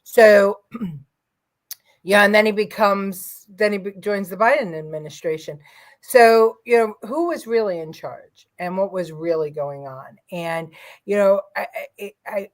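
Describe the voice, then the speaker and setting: A woman's voice: mid-range voice, unhurried. A middle-aged woman co-hosting a casual political chat, talking in an opinionated, rambling way with many fillers. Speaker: co-host of a political livestream.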